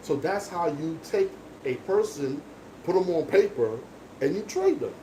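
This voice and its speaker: A man with a fairly high voice holds forth in an emphatic, lecturing way during casual barbershop chat. The sound is roomy and echoing, with clear background noise from the shop around him. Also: expressive, unhurried, warm tone, far from the mic. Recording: echoey room with background noise.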